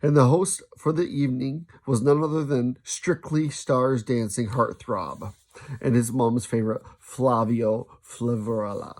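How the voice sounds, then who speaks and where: A man reading a children's novel aloud, lively, now and then stumbling and restarting a sentence. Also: medium pitch, measured pace. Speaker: storybook reader.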